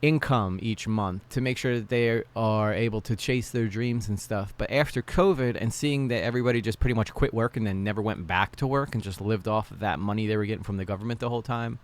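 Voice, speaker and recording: A man's voice: on the low side, brisk, hardly any pauses. A man hosting a reaction video, commenting casually with sarcastic jokes and asides.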